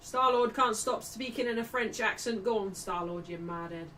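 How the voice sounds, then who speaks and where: A woman hosting a live football watchalong, chatting and reacting as the match goes on. Her voice is bright and a bit high. She sits some distance from the mic, and there is faint noise behind her. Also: moderate pace. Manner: chatty, shouts greetings to chat. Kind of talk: casual live commentary.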